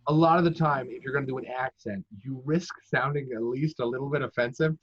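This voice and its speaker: A man's voice: medium pitch, quick pace, husky. A man who works as a professional dungeon master, giving casual, chatty, self-deprecating advice in conversation. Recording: dull lo-fi audio.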